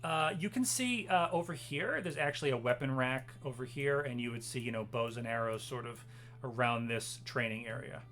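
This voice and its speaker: Zögernder Spielleiter mit heller Stimme. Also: male voice, medium pitch, moderate pace, a bit bright. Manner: hesitant, full of ums and uhs. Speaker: game master. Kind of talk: narrating a tabletop game.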